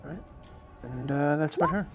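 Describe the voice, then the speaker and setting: A man playing a tabletop game, declaring his moves in a flat, deliberate way. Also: a little high, creaky, highs cut off, soft background music. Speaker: player.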